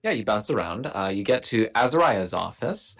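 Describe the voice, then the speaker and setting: A man's voice: fairly low pitch, very animated, normal speed, a bit bright. A man narrating as game master in a tabletop game, loose and hesitant, with many fillers.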